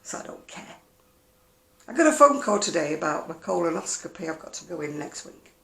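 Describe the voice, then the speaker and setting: A woman's voice: on the low side, big pitch swings, a little fast, gravelly, reverberant. A woman chatting casually in a home vlog, wry and talkative. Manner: chatty, wry, mimics other people's voices. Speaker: vlogger. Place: at home, indoors.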